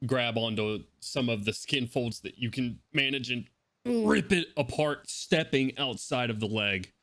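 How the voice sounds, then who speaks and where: A man narrating as game master of a tabletop role-playing game, brisk and descriptive. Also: mid-range voice, animated, a bit bright, no echo.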